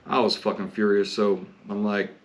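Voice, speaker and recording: A man's voice: lowish voice, little pitch movement, moderate pace. A man hosting a podcast, telling his own story bluntly and candidly, with heavy swearing. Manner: blunt, heavily profane, candid. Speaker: podcast host. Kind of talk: personal storytelling monologue.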